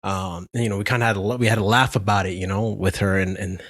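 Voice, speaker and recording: Low-voiced guy telling a story on a podcast, laughs a lot, dry close sound. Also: fast, no room sound. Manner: animated storytelling, laughs often, many restarts. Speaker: podcast co-host. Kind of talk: casual chat.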